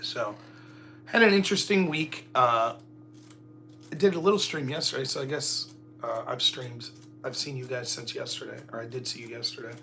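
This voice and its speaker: Bright-voiced man joking on a livestream. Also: medium pitch, normal speed. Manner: joking, rambling, self-mocking. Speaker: livestream host. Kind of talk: casual solo livestream chat.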